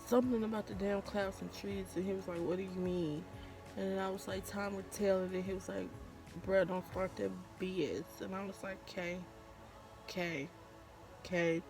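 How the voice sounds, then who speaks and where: A woman's voice: mid-range voice, fairly even intonation, moderate pace, music in the background. A woman vlogger, telling a candid, profane story in casual storytime style. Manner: candid, profane, acts out quotes.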